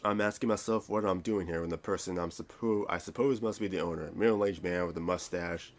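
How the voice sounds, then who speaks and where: A man's voice: low-pitched, fairly even intonation, brisk. A man reading a visual novel aloud, rambling and stumbling over words with self-mocking asides. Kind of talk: reading a game aloud with commentary.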